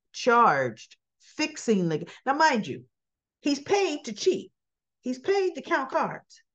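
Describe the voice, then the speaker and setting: A woman recapping a soap opera episode in a casual, chatty way, acting out the characters' lines and laughing as she goes. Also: on the low side. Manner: laughs often while talking.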